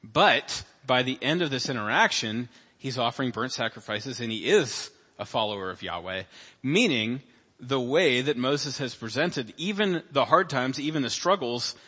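A man's voice: medium pitch, animated, normal speed, bright, forceful tone, slightly rough, big-room sound. A man pastor delivering a sermon in a conversational way, with asides and acted-out quotes. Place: church sanctuary.

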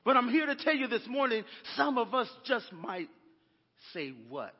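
A man's voice: very high voice, expressive, moderate pace, breathy edge. A man preaching a sermon as a pastor, calling out to his congregation. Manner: preaching with call-and-response asides to the congregation. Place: church sanctuary. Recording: dull, echoey church recording.

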